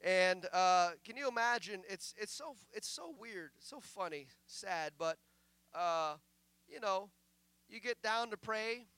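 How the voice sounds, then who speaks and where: A male pastor preaching a sermon in a conversational style that swells into loud declarations, sometimes dropping to a mumble to act out a distracted prayer. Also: high-pitched, expressive, slow, clear, resonant tone, no room sound. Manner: acts out mumbled prayers in a quiet aside voice.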